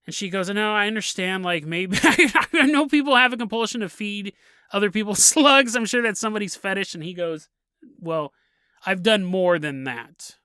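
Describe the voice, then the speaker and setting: A man's voice: high-pitched, moderate pace, pushed and bright, clean tone, no echo, clean studio sound. A man hosting a podcast, telling a story casually, often laughing and acting out the people in it. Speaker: podcast host.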